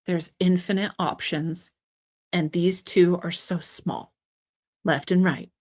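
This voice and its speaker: Woman, mid-pitched voice, solo commentary, indignant, sarcastic, emphatic. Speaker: political commentator.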